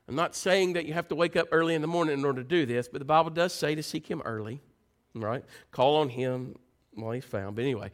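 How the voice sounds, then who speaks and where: Man, pastor, folksy sermon, playful storytelling, quiet prayerful asides. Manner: folksy storytelling, swings loud and high into playful mimicry; drops soft and low for prayerful passages.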